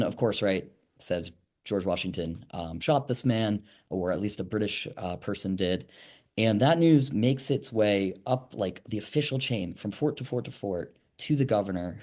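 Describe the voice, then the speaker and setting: A man, an author, explaining history in a conversational interview, with frequent "um"s and restarts. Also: fairly low pitch. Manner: animated explainer, many fillers and restarts.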